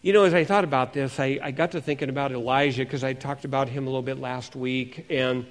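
A male pastor preaching a sermon in a lively way, asking his congregation questions. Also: mid-range voice, quick pace. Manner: animated, asks the congregation questions.

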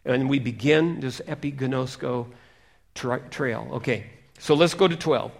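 A middle-aged man preaching a sermon, reading scripture with emphasis and dropping to hushed asides. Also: mid-range voice, measured pace, creaky. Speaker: pastor.

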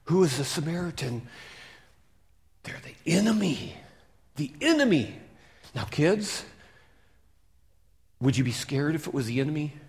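Gravelly, high-voiced man telling a sermon story. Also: unhurried, pauses often. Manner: lively, interactive, asks the audience questions. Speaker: preacher.

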